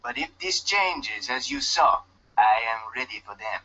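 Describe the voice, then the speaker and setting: A curt island loner, put-on Jamaican lilt. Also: male voice, mid-range voice, huge pitch swings, a little slow, vocal fry, pushed and bright, slightly rough, heavily acted. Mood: gruff. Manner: stiff and curt, no contractions. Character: guarded loner fisherman marooned on an island. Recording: dull lo-fi game audio.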